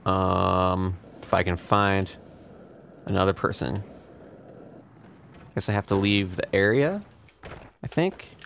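Deep and fairly bright, this young man's voice carries vocal fry as he talks slowly and pauses often. He's a let's play host offering casual commentary on his game, sarcastic, profane, and self-deprecating. A little background noise can be heard.

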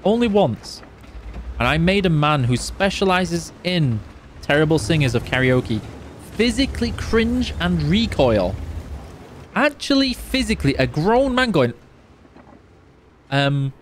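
A man's voice: on the high side, sing-song, a little slow, pauses often, a little hiss or hum. A tired man chatting casually on a live gaming stream, reading out chat and humming while he plays. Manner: chatty, reads chat aloud, hums along while playing. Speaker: game streamer on official channel.

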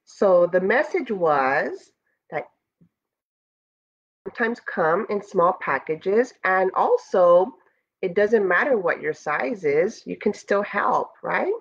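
A woman teacher reading a picture book aloud to students, slow and expressive, stopping to ask them questions. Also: mid-range voice. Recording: dull lo-fi audio.

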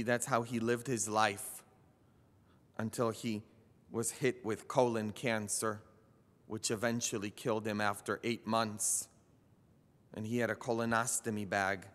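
A male priest delivers a sermon at a very slow, deliberate pace, his voice bright and sharp. He leans on emphatic phrases that build to loud peaks. The sound carries a long church reverb. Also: lowish voice, level tone. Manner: slow, emphatic preaching that swells to loud climaxes. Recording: echoey church hall.

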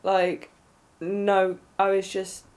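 A young woman vlogging, telling a story in an excited, rambling way with lots of fillers. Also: mid-range voice, drawn-out words. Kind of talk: casual storytelling to camera.

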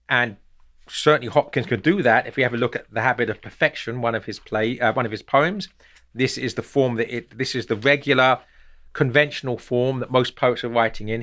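Halting man explaining poetry. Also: medium pitch, fairly even intonation, fairly bright tone. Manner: halting, thinking aloud, with many repeated words. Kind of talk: unscripted explanatory talk.

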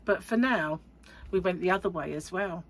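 A woman's voice: lowish voice, moderate pace. A middle-aged woman vlogging casually to camera, rambling and chatty with frequent laughs. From United Kingdom. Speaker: crochet vlogger.

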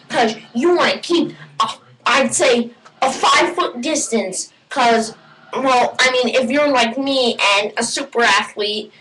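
A woman delivering a rambling, deadpan mock-advice comedy monologue at home, breaking into sudden shouts, recorded on a computer webcam. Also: high-pitched. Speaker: comedy vlogger. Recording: distant webcam mic with faint hiss.

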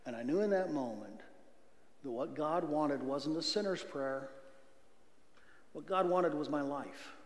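An earnest middle-aged man shares his testimony from a church pulpit, with a slightly high voice. He swings between loud outbursts and near whispers, and his words ring out in a roomy sanctuary with a long reverb. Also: unhurried, pauses often. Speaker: guest speaker giving testimony. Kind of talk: testimony sermon. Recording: echoey church hall reverb.

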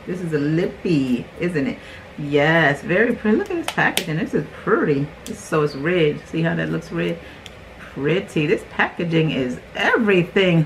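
Animated woman, chatty unboxing vlog. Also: fairly low pitch, background noise. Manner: animated, exclaiming, quick asides. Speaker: beauty vlogger.

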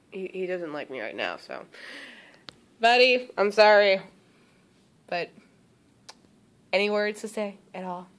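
A woman's voice: lowish voice, a bit bright. A young woman filming a casual home video, chatting and coaxing her dog along. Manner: chatty, coaxing pet talk.

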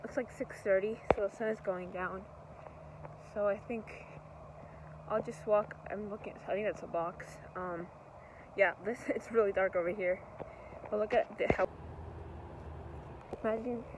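A woman's voice: medium pitch, noisy background. A young woman chatting casually to her camera in a rambling, upbeat vlog manner. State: slightly out of breath while walking. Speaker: vlogger. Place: outdoors in a park at sunset.

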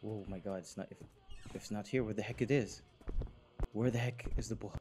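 A hoarse young man commentating a horror game, jittery and repeating himself as he plays. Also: on the low side, steady tone, background noise. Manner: jittery, talks to himself, repeats words rapidly. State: hoarse, sore throat. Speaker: gaming channel host.

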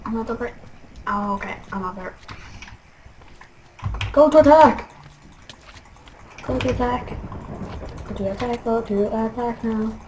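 A young woman commentating her own gameplay, frustrated and trash-talking, with excitable outbursts. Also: on the high side, moderate pace, noisy background. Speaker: gaming commentator.

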